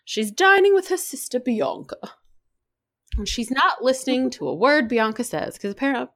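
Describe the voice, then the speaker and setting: A woman's voice: sits high, moderate pace. A woman with a sore throat co-hosting a casual book chat, joking and swearing as she sums up the story. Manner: animated, swears casually, jokey asides. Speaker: podcast co-host.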